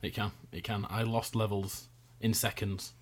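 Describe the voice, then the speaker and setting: A man's voice: on the low side, little pitch movement, moderate pace. A man hosting a casual chat about a video game, leading the talk with jokes. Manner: leads the talk, jokey. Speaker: podcast host.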